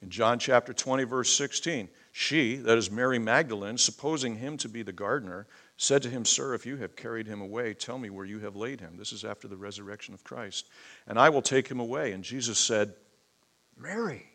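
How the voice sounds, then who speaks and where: A man's voice: fairly low pitch, brisk, few pauses, a bit bright. A man preaching a conversational sermon, teaching from scripture with sudden emphatic outbursts.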